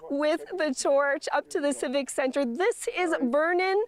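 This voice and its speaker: A woman's voice: high-pitched, unhurried. A woman reporter giving a live field report, enthusiastic. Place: outdoor street.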